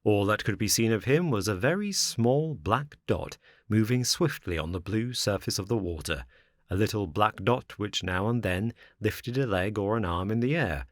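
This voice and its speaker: A man narrating a children's classic as an audiobook in an expressive, measured storytelling manner. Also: fairly low pitch, no room sound, clean studio sound.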